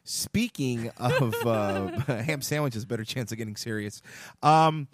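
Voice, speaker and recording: A man's voice: medium pitch, a little slow. A young man hosting a comedy podcast, joking crudely and rambling, often cutting himself off mid-sentence. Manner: joking, rambling, self-interrupting. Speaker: podcast host.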